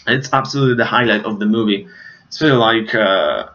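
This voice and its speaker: A man's voice: on the low side, fairly quick, a bit bright. Rambling man reviewing films, lo-fi. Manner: rambling, searches for names, many fillers. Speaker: movie reviewer. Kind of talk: casual movie review.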